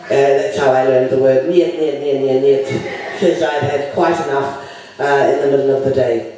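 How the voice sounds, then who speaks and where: A man's voice: a little high, warm tone. A man hosting a comedy night, chatting in a rambling, meandering way. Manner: rambling, many fillers and restarts. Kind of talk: chatty emcee banter. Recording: echoey room, mic from far off.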